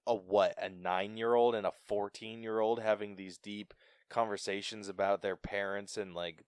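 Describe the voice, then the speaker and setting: A man's voice: fairly low pitch, clean tone, dry recording, clean studio sound. A man co-hosting a podcast, talking casually about a film in a laid-back way. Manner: laid-back, laughs easily, casual swearing. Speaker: podcast co-host. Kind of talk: casual film review chat.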